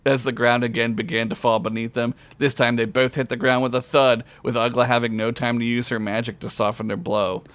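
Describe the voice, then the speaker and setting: A man with an average-pitched voice reads his own raunchy comedy story aloud for a podcast. He keeps breaking off for self-mocking asides and laughs. The sound is dry and close. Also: level tone, fairly quick, hardly any pauses, fairly bright tone, clean tone, no echo. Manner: crude, self-mocking asides, often laughing mid-sentence. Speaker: podcast co-host telling a story. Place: podcast recording.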